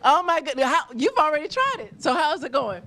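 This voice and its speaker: A woman with a high, bright, forceful voice speaks a little fast, her pitch swinging widely. She's a roving host live-streaming from a restaurant, interviewing diners in a gushing, effusive way and laughing often.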